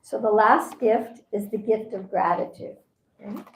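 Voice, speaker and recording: A woman's voice: medium pitch, normal speed. A woman teaching at a spiritual seminar in a conversational way, often acting out what people say. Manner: conversational, acts out quoted voices. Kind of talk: seminar talk. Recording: roomy echo.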